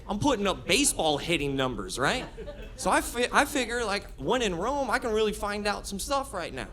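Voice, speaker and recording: A man in his thirties doing a stand-up comedy set, brash and building into shouted rants. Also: sits high, big pitch swings, a little fast, crowd noise. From Florida. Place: comedy club stage with audience laughter.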